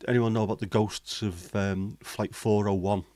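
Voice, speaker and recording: A deep-voiced man talks casually on a livestream. His tone is blunt and cynical, full of swearing and banter. The sound is dry and close. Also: steady tone, normal speed, a little mellow, dry recording. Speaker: livestream host. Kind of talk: casual chat.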